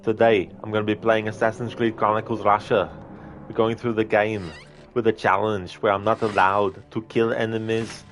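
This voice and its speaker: An Australian man doing an impression of an action star with a heavy Austrian accent, greeting viewers slowly and emphatically. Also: lowish voice, lightly acted.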